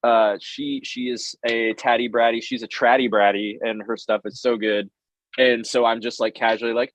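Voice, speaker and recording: A man's voice: mid-range voice, fairly even intonation, moderate pace, dry recording, muffled recording. A man, a tattoo artist, telling a self-deprecating story in a casual chat.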